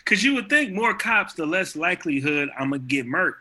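A man with a very bright, fairly high voice talks in loose slang during a casual podcast chat. His delivery is relaxed and conversational. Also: moderate pace.

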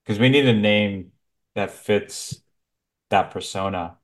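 A podcast co-host trades casual comedic banter, laid-back as he sets up bits and laughs often. His voice is fairly low and his pace slow.

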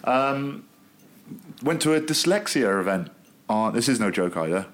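A man's voice: mid-range voice, expressive, a little slow, fairly bright tone. A man, a former rugby player, telling jokey stories in a casual podcast chat. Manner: storytelling, joking, laughs at own jokes.

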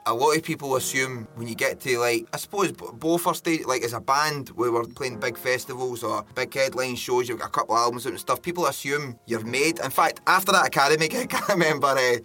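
A Scottish man co-hosting a podcast, telling stories in casual, animated chat. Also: mid-range voice, brisk, few pauses, faint music behind. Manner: storytelling, animated. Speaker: podcast co-host, musician.

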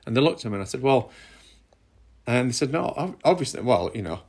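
A man's voice: medium pitch, sing-song, fairly quick, a little mellow. A middle-aged man with a northern English accent, co-hosting a casual chat and talking in a rambling, conversational way with restarts. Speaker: podcast co-host.

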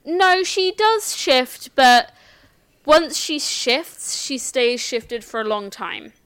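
A woman acting as game master, calmly explaining the characters and rules of a tabletop game with some restarts. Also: high-pitched, slow, clear, resonant tone, dry recording.

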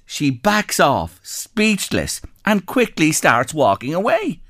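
Irish male radio host, reads messages with a very animated, bouncy delivery, dead dry studio mic. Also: fairly high pitch, slow, few pauses, dry recording. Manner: lively storytelling, animated when reading. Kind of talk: casual radio chat, reading listener messages.

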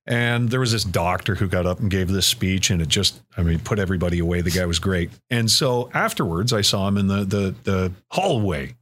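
A man's voice: deep voice, lively intonation, a little fast, few pauses, fairly bright tone. Easygoing Canadian man. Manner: easygoing, storytelling, filler-heavy. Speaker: podcast guest, radio host. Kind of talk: casual podcast chat.

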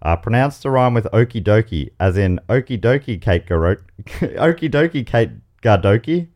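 Hosting a comedy game show podcast, this Australian man has a lowish voice and moderate pace. He reads the quiz questions aloud in a playful way, adding lively asides.

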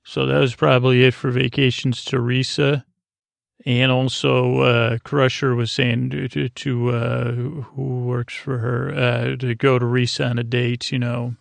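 A man's voice: medium pitch, flat delivery, a little slow, creaky, dry recording. A man hosting a podcast, giving a meandering bedtime recap of an episode. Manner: rambling, meandering retelling. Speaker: podcast host.

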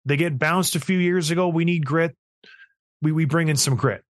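A middle-aged man hosting a sports podcast launches into a casual rant, piling point on point with emphatic exasperation at a normal speed. His voice sits a little higher than most men's, and the recording is dry and close with no room echo.

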